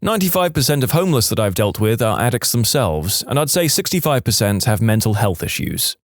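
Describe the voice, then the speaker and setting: A man's voice: mid-range voice, very animated, a little fast, no room sound, clean studio sound. A man with a wry storytelling tone, reading stories from an online forum aloud. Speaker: story narrator.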